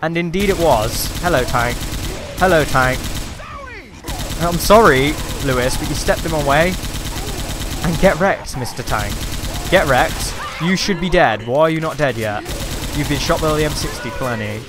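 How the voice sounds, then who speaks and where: A man's voice: a little high, lively intonation, normal speed, noisy background. A man giving chatty, sarcastic gameplay commentary, taunting enemies as he goes. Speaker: let's play host.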